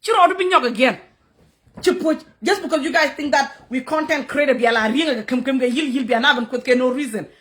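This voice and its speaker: Angry high-voiced woman ranting. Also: a little fast, a bit bright. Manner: heated and scolding, mixing English with another language, laughing in bursts. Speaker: content creator on a livestream. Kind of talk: angry livestream rant at commenters.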